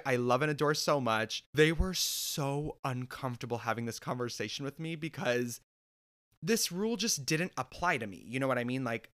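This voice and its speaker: A young man telling a story in a sassy, animated and profane way, straight to camera. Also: medium pitch, smooth. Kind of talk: storytime vlog.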